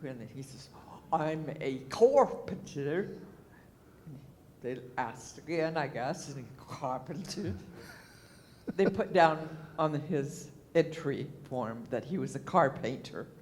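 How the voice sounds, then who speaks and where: A man in the class telling a family anecdote, halting and searching for words. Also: medium pitch, slight background noise. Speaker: class participant.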